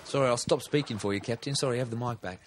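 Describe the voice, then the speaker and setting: A man's voice: medium pitch, fast talker. A British man co-hosting a podcast, swearing constantly in crude, jokey improvised banter. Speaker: podcast co-host. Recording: faint background noise and clicks.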